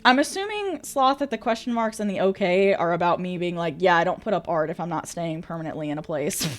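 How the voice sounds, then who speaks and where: A woman's voice: fairly low pitch, lively intonation, fairly quick, faint music behind. A woman streamer chatting casually with viewers, bubbly, laughing often and swearing freely. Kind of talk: casual chat reading viewer messages.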